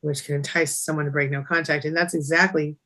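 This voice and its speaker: A woman's voice: low voice, fairly even intonation, sharp tone. A woman hosting a casual live-stream chat, reading viewer comments aloud and answering them. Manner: reads viewer comments aloud, quick agreeing replies. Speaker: host.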